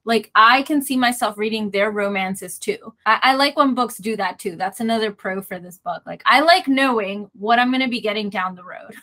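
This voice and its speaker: A woman's voice: medium pitch, moderate pace, hardly any pauses, bright, forceful tone. A woman chatting casually in a book discussion, talking loosely with lots of filler words. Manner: chatty, frequent "like" fillers, laughs often. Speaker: book club member.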